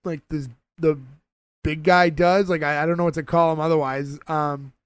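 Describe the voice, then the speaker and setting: A man's voice: on the high side, normal speed, smooth, no echo. Chatty man recapping a show, dry sound. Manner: animated, lively retelling with many fillers. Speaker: podcast co-host. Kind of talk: casual chat recapping a TV episode.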